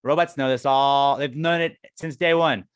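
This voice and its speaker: A man's voice: medium pitch, moderate pace, clean tone. A man co-hosting a podcast, ranting in casual chat with lots of swearing. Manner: profane, excitable, rants with put-on quotes. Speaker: podcast co-host.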